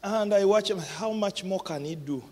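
A man's voice: sits high, moderate pace, darkish tone. A man pastor preaching a sermon, laughing often and growing tearful and emotional. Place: church hall. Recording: reverberant hall.

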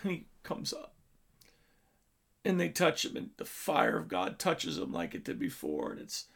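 A man preaching a sermon, telling a story with his voice swelling loud and dropping low. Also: wildly swooping pitch, a little slow, vocal fry, slightly rough.

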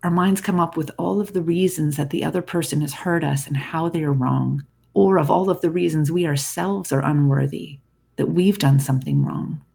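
A podcast host talks through a scripted self-help episode in a calm, reflective way, turning often to the listener. The voice has a gravelly fry to it. Its tone is husky rather than clean. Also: mid-range voice, moderate pace.

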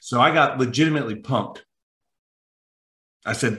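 A coach tells a story with lots of energy, stressing words and acting out the people in it. His voice is bright and forward, and his words ring in an echoey room. His pitch sits at a middle level. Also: moderate pace. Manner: lively, emphatic, acts out quotes. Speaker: mental toughness coach, podcast guest. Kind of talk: animated anecdotal storytelling.

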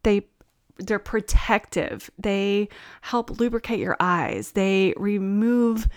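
A woman's voice: mid-range voice, slow, clean tone. A woman hosting a solo podcast as an empath coach, talking in an earnest, encouraging way with small self-corrections. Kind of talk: casual solo podcast talk.

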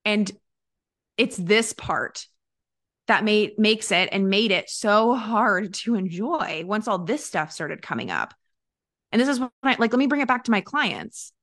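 A woman's voice: medium pitch, unhurried. Chatty, laughing woman business coach. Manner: chatty, animated, laughing, many fillers and restarts. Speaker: business coach and podcast host. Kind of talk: casual motivational talk to an audience.

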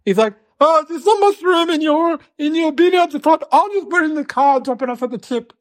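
A chatty, mocking little boy, played by a woman, rambles through a silly story, giggling and putting on funny voices for his family. The voice sits a touch high for an adult. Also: animated, brisk. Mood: cheeky. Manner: rambling, giggly, mimics relatives in quotes. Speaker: comedy sketch performer. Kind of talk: improvised comedic storytelling.

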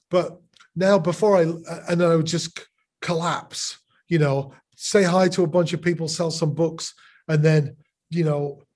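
Man, middle-aged, husky, fairly high voice, podcast guest, reflective, restarts sentences, video call. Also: darkish tone. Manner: reflective, with frequent restarts and repeated words. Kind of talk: casual conversational interview.

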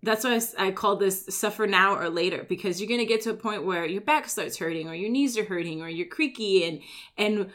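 A woman's voice: medium pitch, fairly bright tone. A woman who runs a gym, giving a casual motivational talk full of "like" and "right?" and acting out everyday complaints. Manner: chatty, fills with "like" and "right?"; acts out everyday complaints in quick asides. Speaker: gym owner and coach.

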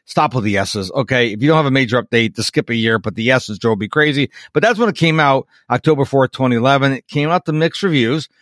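A man chats casually on a tech podcast, playful and talkative as he hops from topic to topic. His voice sits in a middle pitch range. The recording is dry and close-miked. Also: fast, few pauses, a bit bright, no echo. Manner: chatty, playful, jumps between topics. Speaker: podcast co-host.

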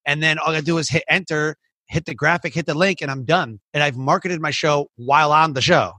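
Bright, husky-voiced man in rapid casual chat. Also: fairly high pitch, no room sound. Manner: rambling, lots of "like" and restarts. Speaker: podcast host and coach.

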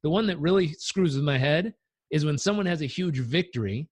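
A man on a podcast telling personal stories in an animated way, acting out the voices in them. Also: on the high side, a little fast, no echo. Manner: animated, acts out quotes. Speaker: guest. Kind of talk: conversational storytelling.

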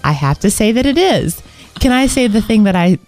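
A woman's voice: medium pitch, very animated, moderate pace, darkish tone, soft background music. A woman in her thirties co-hosting a podcast, chatty and rambling, often restarting her sentences and poking fun at herself. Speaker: podcast co-host. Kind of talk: casual chat.

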